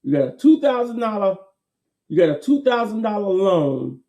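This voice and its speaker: A man gives a casual motivational talk. His tone is very dark and mellow, sitting a little high. He repeats his points emphatically in a folksy way. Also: big pitch swings, normal speed. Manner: folksy, repetitive, emphatic with laughs.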